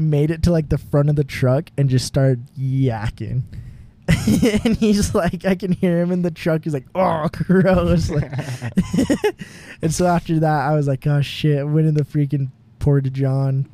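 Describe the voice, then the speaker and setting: Recording in a home garage, this young podcast co-host has a mellow, mid-range voice. He drifts through a lengthy story in easygoing conversation, leaning on fillers and laughing frequently.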